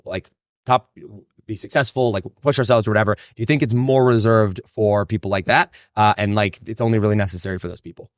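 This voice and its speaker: Male podcast host, casual chatter, rapid delivery, dry close-miked sound. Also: on the low side, clean tone, no room sound. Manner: rambling, lots of "right?" and "like". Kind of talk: casual interview chat.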